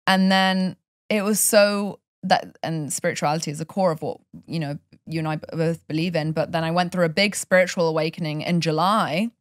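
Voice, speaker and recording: A passionate woman from Europe talks in a relaxed podcast chat, telling personal stories with feeling. Her voice sits fairly low, and the recording is dry and close, with no room sound. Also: a little fast, no echo. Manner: passionate, animated storytelling. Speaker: life coach guest.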